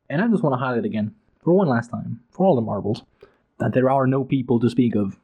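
A man's voice: mid-range voice, brisk, mellow, slightly rough. A man giving an emphatic, profane, passionate casual analysis of a book. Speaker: book commentator.

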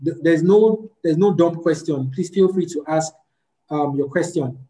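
A woman's voice: low voice, normal speed, mellow, low-quality recording. A woman leads a group session, teaching and answering questions in a practical way and repeating words for emphasis.

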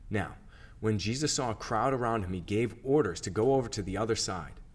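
A man reading scripture aloud for a church reading plan, in a steady, measured narration. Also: fairly low pitch, slightly rough. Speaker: scripture reader.

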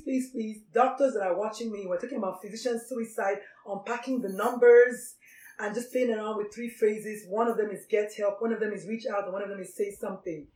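A woman's voice: on the high side, dark tone, echoey room, recorded from a distance, poor audio. Emphatic woman preaching from afar. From Nigeria. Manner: emphatic and preachy, repeating phrases. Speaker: physician speaker on doctor suicide. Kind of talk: motivational talk.

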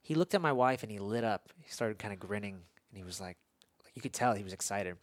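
A man hosting an interview, talking reflectively in a halting, casual way with frequent restarts. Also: fairly low pitch, animated, dry recording. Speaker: podcast host. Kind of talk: conversational interview.

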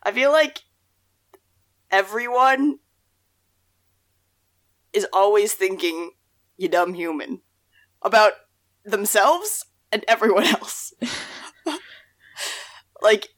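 A young woman co-hosting a podcast, chatting casually about song lyrics in a rambling, self-deprecating way, her voice still rough from the morning. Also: mid-range voice, animated, takes it slowly, long pauses. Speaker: podcast co-host.

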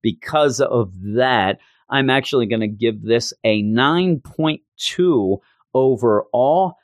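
A man co-hosting a podcast, recapping a comic issue in casual chat and switching into goofy high voices when quoting characters. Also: slow pace, dry recording, studio quality. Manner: animated retelling, jumps into high goofy voices for quotes. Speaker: podcast co-host reviewing comics.

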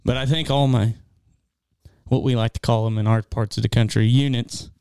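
A middle-aged man, co-hosting an outdoors show and telling animated, folksy stories in casual chat. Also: mid-range voice, moderate pace, smooth, no echo. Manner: folksy, animated storyteller with rural grammar. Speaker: co-host of an outdoors hunting show.

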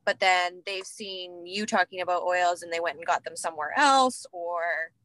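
Bright hesitant woman asking a question. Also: on the low side, normal speed, no echo, rough recording. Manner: hesitant, many fillers. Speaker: class participant asking a question. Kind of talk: casual question.

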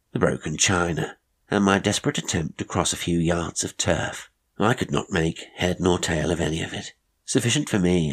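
A man narrating an old ghost story in a measured, reflective way. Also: low voice, breathy edge. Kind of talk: audiobook narration.

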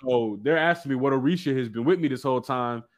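A man telling a personal story in casual chat, animated and slangy. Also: mid-range voice, fast talker. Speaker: guest.

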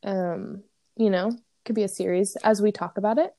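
Mellow-voiced chatty woman podcaster. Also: medium pitch, moderate pace, no room sound, studio quality. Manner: chatty, animated storyteller. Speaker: podcast co-host. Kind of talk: casual chat.

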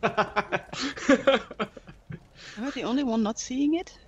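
A woman's voice: high-pitched, slow, dark tone, breathy edge, dull audio. A woman playing in a tabletop game who asks eager questions. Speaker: player.

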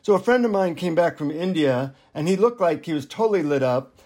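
A male author on an interview show, talking in a relaxed, anecdotal way. He pokes gentle fun at himself as he goes, and his voice sits somewhat high for a man. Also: brisk. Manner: relaxed, self-deprecating, anecdotal. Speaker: author and guest. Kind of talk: interview storytelling.

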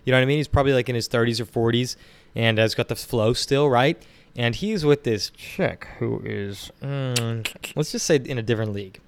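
A man's voice: mid-range voice, normal speed, a little hiss or hum. A young man telling a long casual story, rambling with lots of fillers like "you know what I mean". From Pittsburgh area, Pennsylvania.

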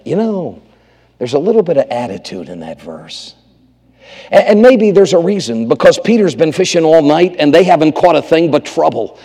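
Dramatic preacher man, high and gravelly. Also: very animated, moderate pace, big-room sound. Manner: dramatic, swings from loud to hushed, acts out quotes. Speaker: revival preacher. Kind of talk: sermon.

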